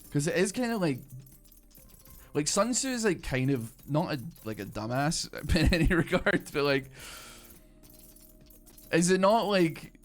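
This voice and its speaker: A British man streaming a game rambles through live commentary and chats with viewers, his speech filler-heavy and full of mid-thought restarts. His voice sits on the high side, and faint game music plays behind him.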